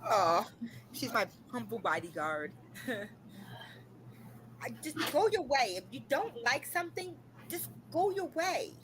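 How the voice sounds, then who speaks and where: A woman's voice: a little high, lively intonation, measured pace, noisy background. A woman hosting a live stream from home, scolding and ranting in an exasperated, repetitive way. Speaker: livestream host. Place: home room.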